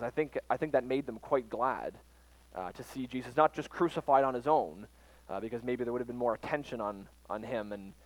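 Speaking at a medium pitch, this man teaches the Bible casually, his delivery choppy with frequent fillers and false starts. Audio is dry and close-miked, with almost no reverb.

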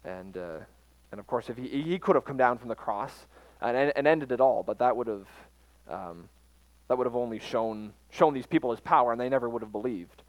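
A man preaching a casual Bible lesson in a mid-range voice, his talk halting and full of "uh"s and restarts. The sound is close and dry, with almost no room echo. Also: mid-range voice, lively intonation. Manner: halting, frequent fillers and restarts. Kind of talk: informal Bible teaching.

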